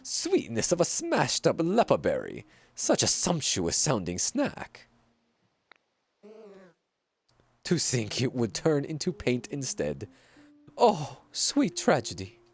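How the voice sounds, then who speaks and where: A man voicing a theatrical, hungry painter creature in a deliberately bad mock-French accent with a grand, Dracula-like delivery. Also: medium pitch, huge pitch swings. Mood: melodramatic.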